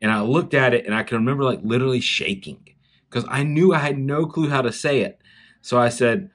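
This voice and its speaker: A man with a Southern US accent, from South Carolina, giving a chapel talk to schoolchildren and telling a story in an animated way straight to the kids. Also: medium pitch, a little fast. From South Carolina, USA. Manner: animated storytelling, speaks directly to children.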